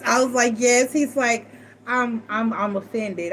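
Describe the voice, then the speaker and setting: A middle-aged woman telling personal stories to a live chat, animated and acting out what others said. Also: a little high, measured pace, low-quality recording. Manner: animated, acts out quoted voices, frequent self-restarts. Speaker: tarot reader and live chat host. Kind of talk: casual storytelling to a live chat.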